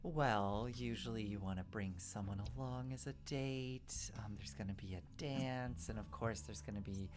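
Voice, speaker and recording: A woman playing a very low-voiced scheming cheerleader. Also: normal speed, hardly any pauses, over music. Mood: sweetly persuasive. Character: confident teenage girl cheerleader, popular and scheming.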